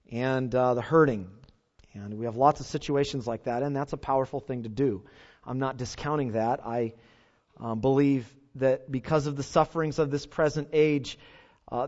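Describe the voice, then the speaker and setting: A male pastor with a mid-range voice preaches an earnest sermon, putting rhetorical questions to his congregation. The recording is dull and lo-fi.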